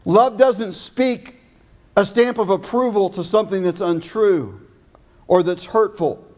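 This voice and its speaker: A man with a high voice preaches a sermon. His delivery is emphatic, and he slows and stresses his key phrases. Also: a little mellow. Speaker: pastor.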